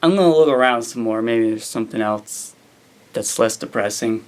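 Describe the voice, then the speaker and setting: A man's voice: medium pitch, moderate pace. A man narrating a story with casual, wry asides. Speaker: narrator and reviewer.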